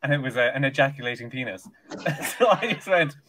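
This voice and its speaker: A man's voice: mid-range voice, animated, a little fast, pushed and bright. A man hosting a podcast in casual chat, laughing often and acting out quoted lines. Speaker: podcast host.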